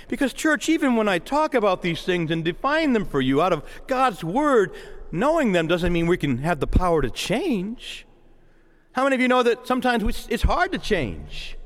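A male pastor preaching a sermon with passion, moving from hushed prayer to excited outbursts. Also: high-pitched, normal speed, big-room sound. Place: church sanctuary.

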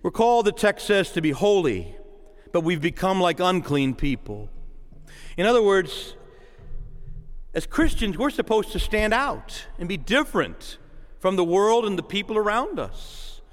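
A male pastor preaching a sermon with passion, moving from hushed prayer to excited outbursts. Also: high voice, unhurried, in a large hall. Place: church sanctuary.

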